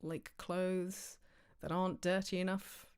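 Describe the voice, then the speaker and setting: Woman streamer, low voice, chatty and meandering, casual home stream. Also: little pitch movement, a little slow, a little mellow, clear, resonant tone. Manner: rambling, chatty, full of fillers and tangents. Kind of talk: casual livestream chat. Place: home office.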